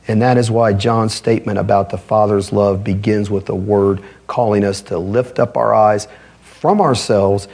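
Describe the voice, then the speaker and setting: Male pastor preaching a sermon, kinda raspy husky voice, talks emphatic but casual. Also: lowish voice, fairly even intonation, moderate pace, darkish tone.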